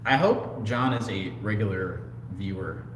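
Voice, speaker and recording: A man with a fairly low voice co-hosts a relaxed livestream chat, talking in an easygoing, earnest way. His voice rings in an echoey room with a long tail, and faint noise sits underneath. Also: unhurried. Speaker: co-host. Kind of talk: casual livestream chat reading comments.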